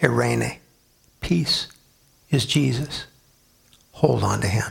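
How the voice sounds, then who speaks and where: A gravelly-voiced man preaching with strong emphasis. His husky tone carries a pastor's sermon, posing questions to the listeners and then answering them himself. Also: mid-range voice, slow, fairly bright tone.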